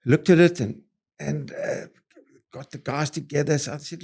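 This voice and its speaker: A man's voice: on the high side, normal speed, gravelly. An older man with a South African accent, a property developer being interviewed, who tells his stories in short, punchy bursts full of fillers and restarts. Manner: animated, punchy storyteller with many fillers and restarts. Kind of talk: interview storytelling.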